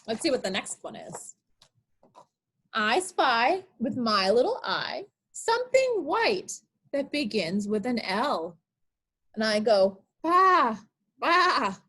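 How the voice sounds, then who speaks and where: High, lively woman reading to small children. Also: breathy edge. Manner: sing-song, coaxing questions to children. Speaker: children's librarian. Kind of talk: online storytime reading picture books to small children.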